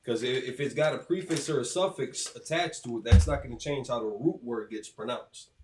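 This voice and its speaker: A man giving a halting, casual explanation in a class, with many restarts and fillers. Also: medium pitch, background noise. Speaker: student teaching in a class. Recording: roomy, from a distance.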